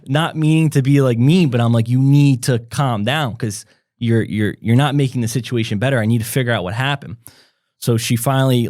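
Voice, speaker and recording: In a dry, studio-quality recording, a young man with a mid-range voice co-hosts a podcast. He rambles casually through a long story, heavy on fillers like "like," and acts out the quotes.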